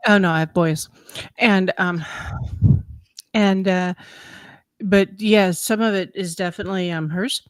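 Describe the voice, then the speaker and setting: A woman in her thirties tells a story in a casual podcast chat, acting out every quote and laughing along the way. Her voice sits at a middle pitch. The sound is dry and close to the mic. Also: measured pace, pauses often, clean tone, dry recording. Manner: animated, laughing storyteller who acts out quotes. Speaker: podcast co-host.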